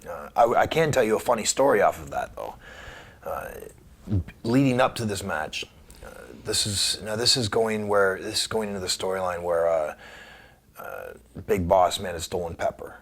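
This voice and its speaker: A man being interviewed, telling a story in a casual, animated way and acting out the voices of the people in it. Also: sits low, moderate pace, creaky. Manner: animated anecdote teller who acts out quoted voices. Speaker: guest wrestler.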